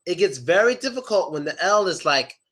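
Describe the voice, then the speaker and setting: A man's voice: sits high, very animated, fairly quick, a bit bright. A young man teaching English pronunciation in a casual online lesson, chatty and demonstrative, drawing out example words.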